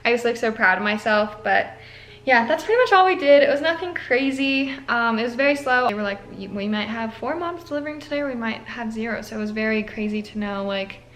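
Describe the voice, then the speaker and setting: A woman's voice: medium pitch, fairly bright tone, a little hiss or hum. A young woman, a nursing student, chatting casually to camera with lots of filler likes and an emotional, earnest manner. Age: young adult. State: tearful at moments.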